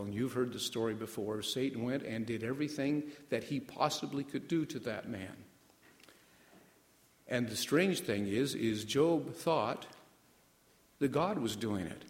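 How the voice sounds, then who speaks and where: A male pastor preaching a sermon, stopping often to put questions to the congregation and slowing down to stress key words. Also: mid-range voice. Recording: echoey hall, voice from off mic.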